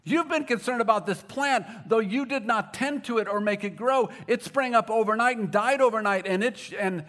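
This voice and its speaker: A man preaching a sermon, moving between emphatic repetition and quiet, intense asides. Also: high voice, normal speed. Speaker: pastor.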